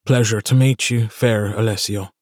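A man's voice: on the low side, steady tone, normal speed, darkish tone, no echo, clean studio sound, natural voice. A man voicing a flirtatious Irish stranger. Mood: teasing.

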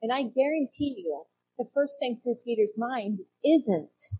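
Animated woman preaching a sermon. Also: fairly high pitch, measured pace, a little hiss or hum, rough recording. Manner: animated, acts out voices of Bible figures.

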